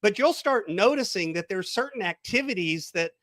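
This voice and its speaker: Man with a high, dry voice. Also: expressive, moderate pace, fairly bright tone, no room sound. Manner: storytelling, guided visualization. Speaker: life coach guest. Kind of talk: podcast interview.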